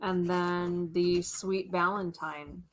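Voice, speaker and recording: A woman co-hosting a live stream, describing items one by one in an unhurried way. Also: lowish voice, level tone, slight background noise. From United States. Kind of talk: live-stream item showcase.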